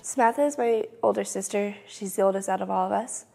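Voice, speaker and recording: A young woman narrating her vlog in a casual, earnest, excited way. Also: medium pitch, fast, gravelly, over music. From Trinidad. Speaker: vlogger.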